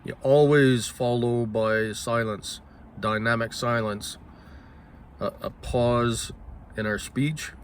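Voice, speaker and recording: A man musing aloud at a middling pitch, stopping to restart and correct himself. He clears his throat often, and faint noise hums behind him. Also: steady tone. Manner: halting, thinks aloud with restarts and self-corrections. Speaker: solo talker. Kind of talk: casual spoken musing.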